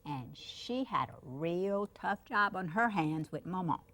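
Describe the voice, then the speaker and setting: An older woman from Louisiana with a Cajun accent hosts a cooking show, demonstrating a dish while chatting affectionately with a child beside her. Her voice is on the low side, expressive, a bit bright, and a little slow.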